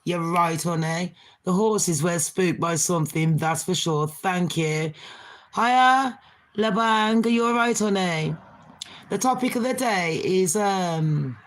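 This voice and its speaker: A woman's voice: fairly low pitch, takes it slowly. A woman from Jamaica with a mixed Birmingham and Jamaican accent, hosting a casual livestream and chatting back at viewer comments. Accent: Birmingham English with a Jamaican touch. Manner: chatty, laughs often, answers comments. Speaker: livestream host reading chat.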